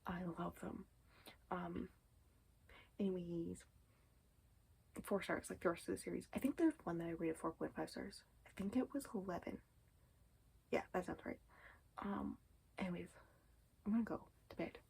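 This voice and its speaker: A woman's voice: fairly low pitch, normal speed, gravelly, pauses often, a little mellow, slightly rough, poor audio. A woman chatting casually in a reading vlog, rambling and often dropping to a whispered aside, with many ums and anyways. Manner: says 'um' and 'anyways' often. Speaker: book vlogger.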